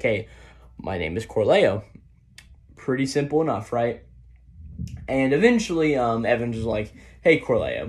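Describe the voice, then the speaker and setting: A man casually recapping a manga chapter, rambling with many "um"s and "right?"s as he paraphrases the characters' lines. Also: medium pitch. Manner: rambling, heavy on fillers like "um" and "right?". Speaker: manga reviewer.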